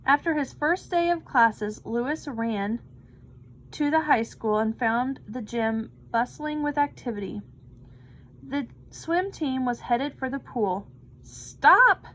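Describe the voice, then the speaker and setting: A woman reading a children's picture book aloud with slow, expressive delivery. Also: sits high, rough recording. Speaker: storybook reader.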